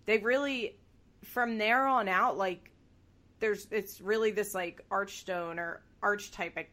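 A woman with a medium-pitched, fairly bright voice speaks a little slowly as a podcast co-host. She chats casually and animatedly while recapping a reality show, laughing often and swearing now and then.

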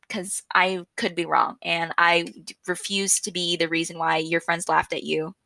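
A young woman rambles through her own podcast with loud, excited energy and a habit of laughing at herself. Her voice is bright and forceful but sits a little low. She is recorded close on a microphone in a dry room. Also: dry recording. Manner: chatty, loud and excitable, self-mocking. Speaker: podcast host. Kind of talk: casual solo podcast chat.

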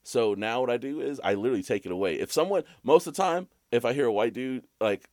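A man from Alabama, co-hosting a podcast, telling stories in casual chat with animated delivery and bursts of high laughter. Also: fast talker, no echo, studio quality. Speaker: podcast co-host.

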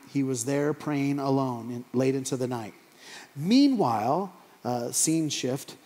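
Humorous preaching man in an echoey hall. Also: on the high side. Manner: humorous, animated storytelling. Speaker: pastor. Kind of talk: sermon.

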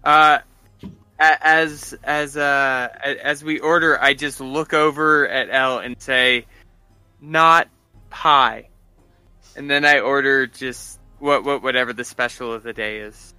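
A man with a very bright, crisp voice plays his character in a tabletop game, speaking slowly and haltingly with restarts. He is recorded on a dry close mic with faint music in the background. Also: mid-range voice, fairly even intonation, no room sound, poor audio. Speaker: player.

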